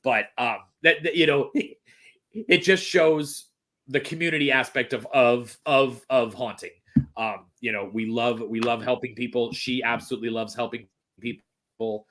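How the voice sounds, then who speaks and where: A man's voice: mid-range voice, fairly even intonation, unhurried, fairly bright tone. A man chatting casually as a podcast guest, rambling with many restarts and fillers. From Texas. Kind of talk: casual chat.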